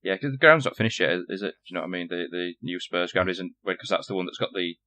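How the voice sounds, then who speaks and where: A Northern English man co-hosts a gaming podcast in casual chat, rambling, repeating himself, and leaning on lots of fillers. His low voice moves quickly and has a sharp tone.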